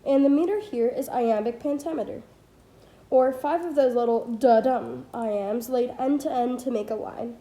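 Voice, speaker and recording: Teen girl doing a diy audiobook read, kinda high voice, trips on words and fixes them, roomy echo. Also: a little slow, dark tone. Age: teens. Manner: careful reading with small slips and self-corrections. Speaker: student reader. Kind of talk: amateur audiobook read-aloud.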